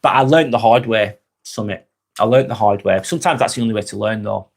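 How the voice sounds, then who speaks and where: Brisk and gravelly, with a lowish voice, an Englishman with a North West Lancashire accent hosts a laid-back live stream. He reads and answers viewer comments, chuckles a lot and keeps calling people mate.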